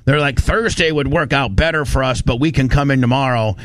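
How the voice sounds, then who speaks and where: Heated, animated male radio host. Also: mid-range voice, fairly quick, dry recording. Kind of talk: casual studio talk. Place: radio studio. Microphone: studio mic.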